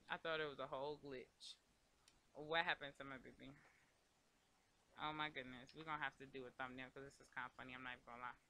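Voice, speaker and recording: A man's voice: mid-range voice, steady tone, fast, sharp tone. A man hosting a casual let's play, chatting to the game characters and to viewers as he plays. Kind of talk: casual gameplay commentary.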